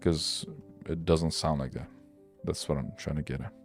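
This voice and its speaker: A man's voice: extremely low pitch, normal speed, soft background music. A young man hosting a livestream, chatting casually in a rambling, loose and profane way. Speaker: livestream host. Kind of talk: casual livestream chat while working.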